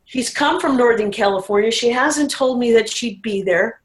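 A woman's voice: fairly high pitch, moderate pace, low-quality recording. A woman speaking as an interview guest, telling a personal recovery story in a candid, emotional way.

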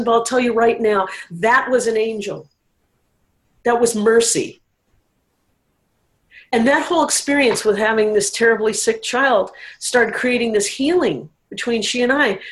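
A woman's voice: a little high, rough recording. Candid woman telling her own story. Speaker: interview guest. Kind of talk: personal recovery story.

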